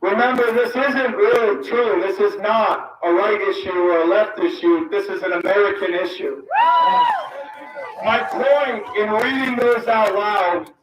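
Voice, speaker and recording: A man's voice: high voice, a little hiss or hum. A man speaking to a rally crowd, reading a list of names aloud, apologizing for mispronouncing them and pressing his points with emphasis. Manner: emphatic, calls out lines. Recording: roomy, distant mic, loud crowd.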